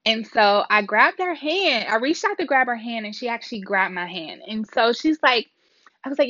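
A woman with a fairly high voice tells her viewers a story at a moderate pace, vlog-style and casual, rambling as she goes and acting out the dialogue with animation. The recording is dry, with a dull lo-fi quality.

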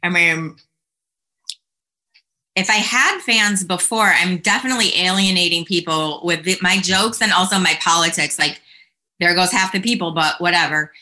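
A woman's voice: lowish voice, moderate pace, pushed and bright. A woman guesting on a podcast, chatting casually and telling jokes animatedly, acting out the voices. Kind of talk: casual interview chat. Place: home room.

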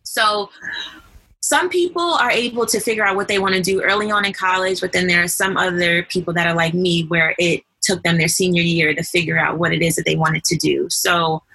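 A woman's voice: fairly low pitch, fairly even intonation, brisk, vocal fry, pushed and bright, slightly rough, poor audio. A woman in her twenties from New York, with a light New York accent, chatting as a podcast guest and telling her stories with many fillers. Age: 20s. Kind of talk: casual chat.

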